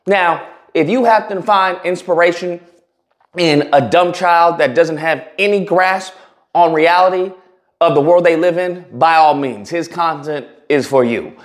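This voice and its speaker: A man's voice: a little high, unhurried. A man giving blunt, provocative opinion commentary on a video, talking in a mocking and emphatic way. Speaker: commentary YouTuber.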